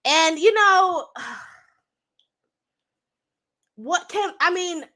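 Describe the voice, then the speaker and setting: A woman's voice: very high voice, takes it slowly, pushed and bright. A young woman hosting a livestream, chatting bluntly and profanely to her viewers. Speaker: livestream host. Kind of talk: casual livestream commentary.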